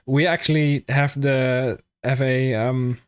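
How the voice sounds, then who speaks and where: A man's voice: mid-range voice, fairly even intonation, slow, clear, resonant tone. A young man with a Dutch accent chatting casually and jokingly with viewers on a live stream, swearing freely. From Netherlands.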